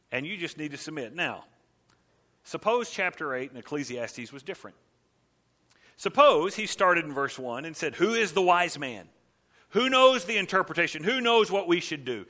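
Bright-voiced male pastor preaching. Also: fairly high pitch. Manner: conversational, emphatic, acts out quotes. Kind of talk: sermon.

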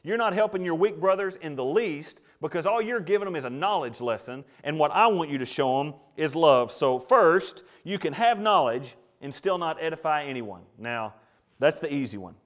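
Man preaching, middle-aged, somewhat high pitch, animated, loud then hushed. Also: normal speed. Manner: animated, swings from loud to hushed, acts out quotes. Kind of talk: sermon.

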